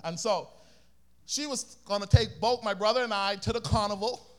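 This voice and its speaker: A man's voice: sits high, moderate pace. A man from the Bahamas with a Bahamian accent, preaching a sermon energetically and calling on the congregation to repeat after him. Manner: energetic, calls for congregation responses.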